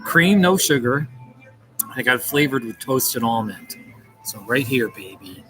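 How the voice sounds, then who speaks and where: A man in a coffee shop talking to his live-stream viewers in a mid-pitched, easygoing voice. He is playful and chuckles often as he greets people in the chat by name. Music plays clearly behind him. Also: animated, a little slow, rough recording.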